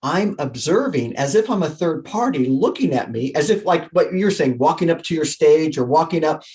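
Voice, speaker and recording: A man with a slightly high voice talks with quick energy as a guest in an interview. He answers in a conversational way and acts out his own inner thoughts as he explains. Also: animated, a little mellow. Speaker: guest, author and coach.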